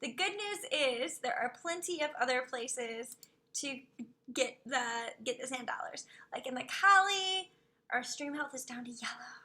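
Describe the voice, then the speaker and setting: A woman streamer chatting casually on a live stream, gushing over what she sees and dropping into soft whispered asides. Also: high voice.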